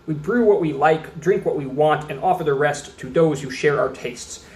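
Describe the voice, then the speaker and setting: Sitting at an indoor table, this Austin, Texas channel host reviews beer in a fairly high, slightly mellow voice at normal speed. He rambles casually and reads the labels out loud, with roomy echo in the recording.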